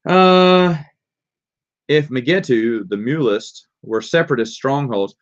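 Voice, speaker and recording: A man's voice: medium pitch, a bit bright. A man with a Southern accent hosts a live question-and-answer stream, reading viewer questions aloud and talking them over in a loose, rambling way. His voice sits in a middle range. The sound is dull and lo-fi, like cheap stream audio. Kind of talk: casual live Q&A.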